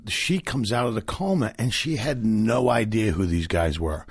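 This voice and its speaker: A man from Philadelphia, a comedian guest telling rambling, animated stories in casual podcast chat. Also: lowish voice, normal speed, breathy edge, no room sound, studio quality.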